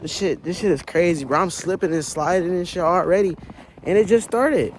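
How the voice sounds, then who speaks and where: Brief: young male vlogger, slightly high voice, cussing and hyped, phone mic with loud storm and car noise. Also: brisk. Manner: profane, excitable, talks straight to his chat. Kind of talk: casual vlog talk to viewers. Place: outdoors and in a car during a snowstorm. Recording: noisy storm and car sound.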